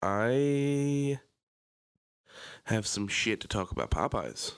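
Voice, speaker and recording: A man co-hosting a casual podcast, telling stories in an animated way and acting out his own anger. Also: medium pitch, slow pace, clear, resonant tone. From Pennsylvania. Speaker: podcast co-host. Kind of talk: casual chat.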